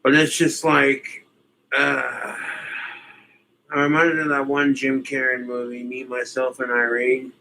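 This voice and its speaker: A man's voice: medium pitch, monotone, takes it slowly, sharp tone, slight background noise, low-quality recording. A man streaming his reactions to videos, talking in a loose, rambling, profane way and often slipping into mocking impressions.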